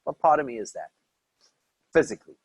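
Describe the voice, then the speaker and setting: A man's voice: mid-range voice, sing-song, brisk, husky, no room sound, rough recording. A man from South Africa giving a conversational Torah lesson, posing questions and answering them himself. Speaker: rabbi teaching a class. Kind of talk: Torah lecture.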